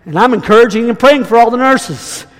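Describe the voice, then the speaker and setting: A man's voice: very high voice, lively intonation, fairly quick. A man preaching and declaring over a congregation in a fervent, repetitive style. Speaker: guest preacher. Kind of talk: sermon and prophetic declaration. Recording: hall reverb.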